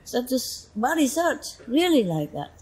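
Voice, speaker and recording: Speaking to her followers in a relaxed way, a woman spiritual teacher tells chatty stories full of laughter and asides like "you know." Her voice is high-pitched, sing-song, a little mellow and husky, at a measured pace, heard on a rough recording.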